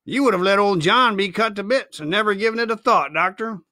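A man's voice: high-pitched, a little fast, bright, forceful tone, dry recording, studio quality. A man voicing a sly, politely wheedling old pirate cook in a storybook reading.

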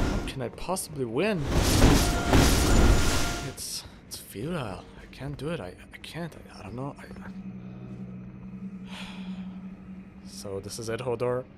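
A man's voice: medium pitch, heavy background noise, natural voice. A man voicing a brash, self-doubting warrior in a comedic game role-play, talking to himself and trading cocky taunts with his foes. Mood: despairing, then self-scolding. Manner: talks to himself, lurches between despair and cocky trash talk. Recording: loud game music behind the voice.

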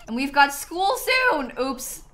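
A young woman chatting casually to her viewers while playing a game live, animated and talking back to the game. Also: high-pitched, slow. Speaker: streamer. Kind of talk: casual live-stream gameplay chat. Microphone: headset.

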